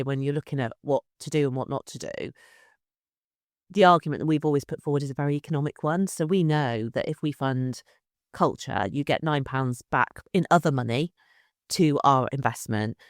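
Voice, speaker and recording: Animated woman, dry recording. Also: low-pitched, normal speed, no echo. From England. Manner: animated, repeats words as she restarts. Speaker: city culture director, guest. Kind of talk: conversational interview.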